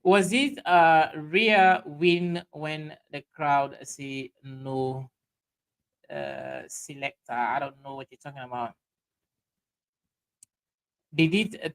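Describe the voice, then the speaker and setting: A man with a Sierra Leonean Krio accent hosting a livestream, reading out viewer comments in halting speech full of fillers and restarts. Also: on the high side, low-quality recording. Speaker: livestream host.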